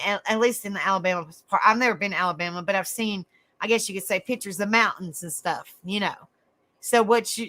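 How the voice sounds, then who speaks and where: Young Southern woman, livestream host, sweet and chatty, clear bright tone. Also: a little high. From South Carolina, raised in Tennessee. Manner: chatty, endearing terms like honey and darling, frequent restarts. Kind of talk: casual live chat with viewers.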